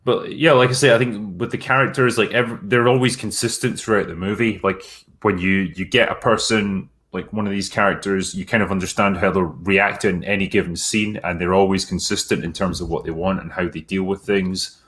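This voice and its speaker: A man's voice: sits low, steady tone, a little fast, few pauses, fairly bright tone. A man hosting a casual chat about a film, laid-back and full of fillers.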